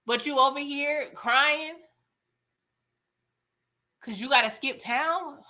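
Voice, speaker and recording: A woman hosting a casual live-stream TV recap, animated and laughing as she talks back to the characters. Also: high-pitched, slow pace. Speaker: TV recap host.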